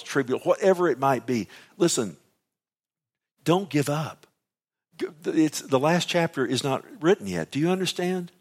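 A man preaching a sermon, reading scripture aloud and explaining it in a conversational way, moving between loud urgent pleading and low hushed passages. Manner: reads scripture aloud and then paraphrases it.

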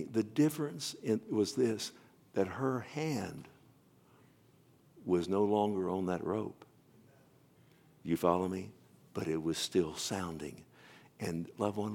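A man delivers a sermon in a low, gravelly voice. He tells a story dramatically, rising loud and dropping to a hush. He keeps asking his listeners whether they follow him. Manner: dramatic, swinging between loud and hushed; addresses listeners directly with questions. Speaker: preacher.

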